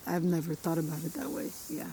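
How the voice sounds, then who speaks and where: A woman's voice: deep voice, big pitch swings, fast talker, vocal fry, a loud crowd. A woman co-hosting a podcast, talking earnestly in a reflective conversation and acting out quoted voices. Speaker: podcast co-host.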